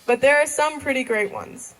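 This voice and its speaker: A woman's voice: high voice, moderate pace, fairly bright tone, poor audio. A young woman in her late teens giving a graduation thank-you speech, giggling often between sentences. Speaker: graduating student.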